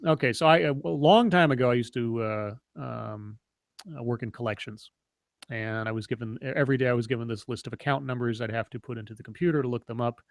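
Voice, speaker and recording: A man's voice: medium pitch, no echo. A man co-hosting a casual online chat, telling long stories with many fillers and restarts. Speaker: podcast co-host.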